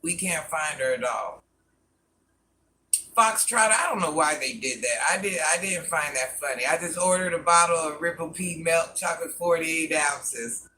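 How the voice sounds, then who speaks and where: A man's voice: a little high, normal speed, bright, forceful tone, slight background noise. A man rambling through a casual live stream, answering viewer comments and talking to people off camera in a folksy way.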